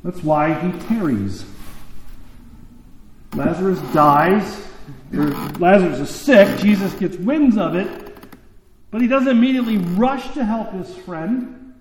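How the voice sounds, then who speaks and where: High-voiced man preaching in an echoey hall. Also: slow, pauses often, slight background noise. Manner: conversational, asks the listeners questions. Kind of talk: sermon.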